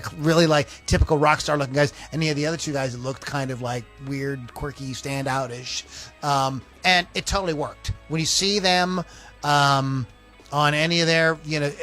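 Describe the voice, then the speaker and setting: A man's voice: fairly high pitch, steady tone, a little fast, fairly bright tone, soft background music. Rambling, teasing male podcast host. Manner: rambling and teasing, with many fillers. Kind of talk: casual podcast chat.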